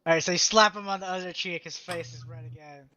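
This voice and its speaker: Bright-voiced man running a tabletop game. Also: on the high side, no room sound. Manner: casual, halting narration. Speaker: game master. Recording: muffled lo-fi mic.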